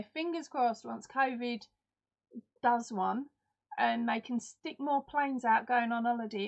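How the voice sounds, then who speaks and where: A woman's voice: on the high side, vocal fry, muffled recording. A woman hosting a live crafting stream in casual chat, reading out and answering viewers' comments. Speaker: host.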